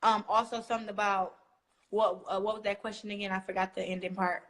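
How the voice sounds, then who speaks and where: A young woman from Flint, Michigan, talking casually as an interview guest, animated and acting out quotes as she tells stories. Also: medium pitch, fast talker. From Flint, Michigan, USA. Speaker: guest boxer.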